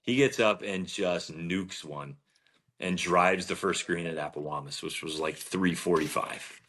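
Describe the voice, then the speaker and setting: A man from New Jersey, a golf professional, telling an animated anecdote in an interview and acting out the dialogue. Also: low voice, a little slow. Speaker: golf professional, podcast guest. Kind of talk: storytelling interview.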